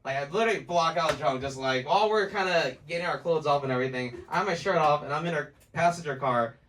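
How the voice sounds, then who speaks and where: A man's voice: on the high side, fast talker, a bit bright, recorded from a distance. A man doing stand-up, rambling and profane, laughing at his own jokes. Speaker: stand-up comedian. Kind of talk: stand-up storytelling.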